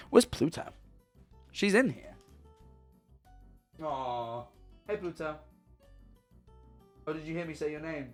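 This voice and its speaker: A man in his twenties streaming from home, casually chatting and reading viewer messages in a rambling, stumbling way. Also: fairly low pitch.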